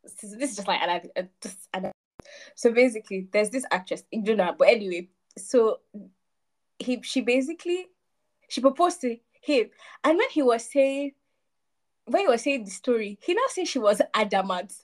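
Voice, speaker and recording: A woman's voice: fairly high pitch, animated, normal speed. A young woman co-hosting a casual podcast chat, emphatic and rambling, with frequent laughs. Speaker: podcast co-host.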